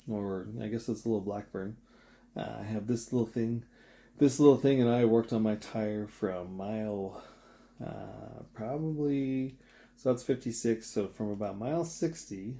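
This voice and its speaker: A man's voice: lowish voice, gravelly, darkish tone. A man in his thirties, a triathlete vlogger, telling a race story in a rambling, reflective way, full of fillers and quoted dialogue. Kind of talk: casual vlog storytelling.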